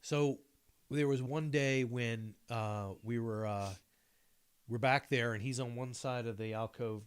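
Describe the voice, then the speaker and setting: A man's voice: medium pitch, fairly even intonation, a little slow, smooth. Profane rambling middle-aged man. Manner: profane, rambling anecdotal storytelling. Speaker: podcast co-host. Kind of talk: casual storytelling chat.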